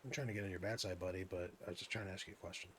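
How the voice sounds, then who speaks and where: A man's voice: low-pitched, fairly even intonation, rapid-fire, a bit bright, a little hiss or hum. A man giving chatty gameplay commentary, thinking aloud and poking fun at himself. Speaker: gaming video host.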